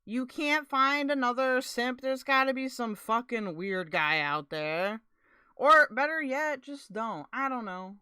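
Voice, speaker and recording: A woman's voice: a little high, a little slow, pushed and bright, clear, resonant tone, no echo. A woman streamer adding blunt, exasperated commentary during a casual livestream.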